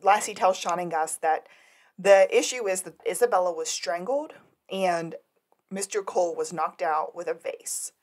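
A woman with a somewhat low voice co-hosts a casual podcast. She retells TV episode scenes in a relaxed, wry manner. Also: moderate pace. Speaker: podcast co-host. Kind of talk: casual recap chat.

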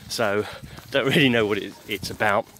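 Male host, lowish voice, breathless uphill outdoor walk, halting fillers, clear outdoor noise around him. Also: a bit bright. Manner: halting, many fillers and restarts. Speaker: host of a daily podcast. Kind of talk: casual spoken news update. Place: outdoors on a hill.

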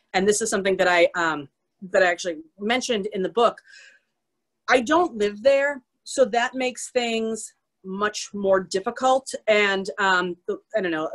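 A woman author chatting casually on a video call, full of quick tangents and self-deprecating asides. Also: mid-range voice. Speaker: author guest. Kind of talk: casual chat on a virtual author event.

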